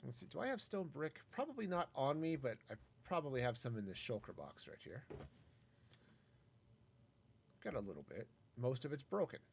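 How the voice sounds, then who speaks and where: A man's voice: mid-range voice, sing-song, normal speed, creaky, long pauses, slight background noise. A man casually talking through a live game stream, wry and self-mocking as he rambles. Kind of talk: casual gameplay commentary.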